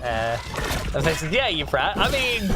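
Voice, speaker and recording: A man's voice: on the high side, very animated, normal speed. A man streaming a video game, chatting casually, stammering through restarts, laughing and swearing as he plays. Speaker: gaming streamer. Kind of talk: casual live gameplay chat. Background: game music.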